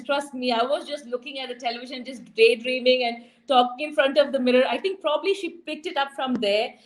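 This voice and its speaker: A young woman from India, a TV presenter, telling her story as an interview guest in an animated, emotional way, acting out quoted dialogue. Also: on the high side, poor audio.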